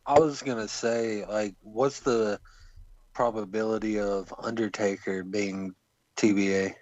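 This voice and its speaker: A man speaking hesitantly in a casual wrestling podcast chat, pausing as he works out his idea. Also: fairly low pitch, steady tone, darkish tone, no room sound. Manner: slow and hesitant. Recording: dull lo-fi dry line.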